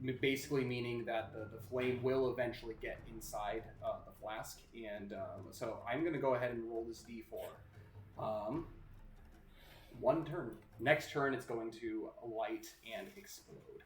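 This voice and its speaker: A man's voice: medium pitch, fairly even intonation, measured pace, slight background noise. A man narrating as game master of a tabletop game, talking casually with fillers and restarts. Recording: roomy sound with music behind.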